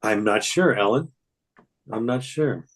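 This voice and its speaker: A man's voice: lowish voice, unhurried, rough recording. Older man, rambling and hesitant. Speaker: voice actor guest. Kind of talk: casual interview chat.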